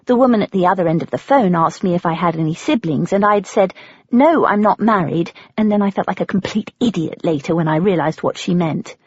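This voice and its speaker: Breathy British woman reading an audiobook. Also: lowish voice, fast, hardly any pauses, no room sound, lo-fi sound. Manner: expressive, with breathless, flustered quoted speech. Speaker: audiobook narrator. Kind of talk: first-person audiobook narration.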